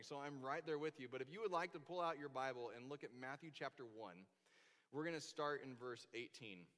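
A man preaching a sermon in church, telling the story in a lively way and acting out the quoted voices. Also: on the high side. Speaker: pastor. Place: church sanctuary. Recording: long hall reverb.

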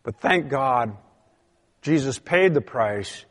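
A man's voice: medium pitch, expressive, slow pace, long reverb tail. A man preaching a sermon, reading scripture aloud with emphatic rises and drops in his delivery. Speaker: pastor.

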